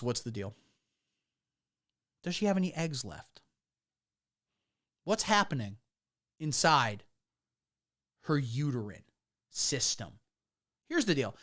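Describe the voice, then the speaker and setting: Male comedian streamer, crude absurd rant, lively swinging pitch, reads chat comments aloud. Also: slow pace, long pauses. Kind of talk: satirical livestream rant.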